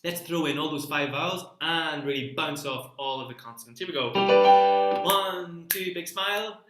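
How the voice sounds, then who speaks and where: A man's voice: a little high, moderate pace, roomy sound, music in the background. A man teaching an online singing lesson, coaching vowels and rhythm with sung examples.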